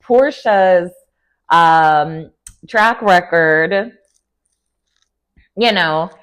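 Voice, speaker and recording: A young woman talks through a reality TV episode in a loose, gossipy recap. Her voice sits a little on the lower side. She chats casually and breaks into quick, playful quotes of the people she is describing. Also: clear, resonant tone. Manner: chatty and gossipy, with sudden playful quoting. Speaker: TV recap vlogger.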